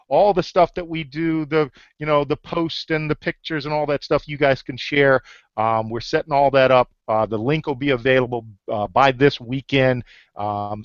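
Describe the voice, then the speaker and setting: A man's voice: a little high, dry recording. Upbeat rallying man hosting a call. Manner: pushy, rallying, many fillers. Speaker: host of an online leaders' hangout. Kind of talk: upbeat pitch-style group call. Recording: dull lo-fi call audio.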